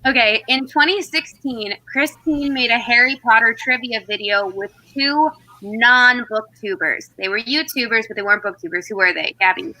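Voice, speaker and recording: A woman with a fairly high, bright voice hosts a casual trivia quiz over a video call. She reads out questions and tells stories in quick bursts. She laughs often between them. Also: no echo, poor audio. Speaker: quiz host.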